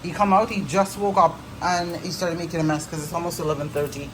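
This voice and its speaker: Young woman, low voice, loose rambling vlog chat, off camera on a phone in a noisy kitchen. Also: steady tone, fairly quick. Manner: chatty, rambling, loose and informal. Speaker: family vlogger. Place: home kitchen. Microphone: phone camera, speaker off screen. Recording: noisy home phone recording.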